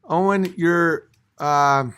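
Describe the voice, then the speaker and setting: High-voiced man ranting on a livestream. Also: extremely slow, a bit bright, clear, resonant tone. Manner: profane, exasperated ranting with restarts. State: a few drinks in. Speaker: livestreamer reading chat. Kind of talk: livestream rant.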